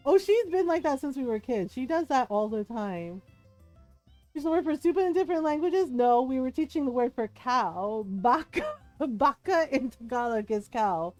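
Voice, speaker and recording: A woman's voice: sits high, expressive, moderate pace, darkish tone, no echo, faint music behind. A woman game streamer chatting casually, telling a story with frequent giggles. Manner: giggly storytelling, laughs often. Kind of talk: casual chat while streaming.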